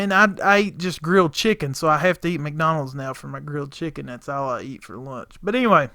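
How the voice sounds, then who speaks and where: A man, casually telling a story to his viewers, folksy and animated, acting out both sides of the dialogue. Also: fairly high pitch, clean tone, no echo, studio quality. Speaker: lawn care business owner, channel host.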